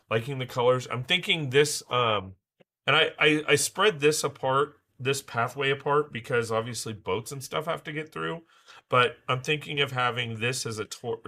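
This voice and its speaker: Hoarse man chatting on a livestream. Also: medium pitch, bright, forceful tone. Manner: rambling, many fillers and restarts. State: hoarse, recovering from losing voice. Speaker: livestream host building Lego. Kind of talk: casual livestream chat.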